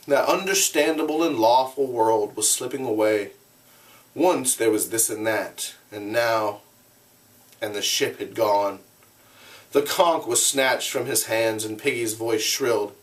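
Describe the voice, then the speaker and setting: A teacher reading a novel aloud to his students in steady, measured narration. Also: mid-range voice, distant mic, low-quality recording.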